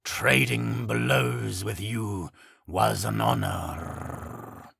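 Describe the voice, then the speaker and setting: A man's voice: on the low side, steady tone, extremely slow, gravelly, a bit bright, slightly rough, no echo, clean studio sound, heavily acted. A man voicing an ancient male harpygriff guardian who speaks in a formal, archaic way. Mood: solemn. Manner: formal, archaic, stately speech.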